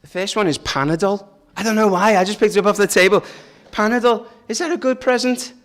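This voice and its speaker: A man's voice: high-pitched, brisk, few pauses, fairly bright tone. A man leading a family church service, talking in a chatty, joking way and asking the children questions. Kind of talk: informal family service talk.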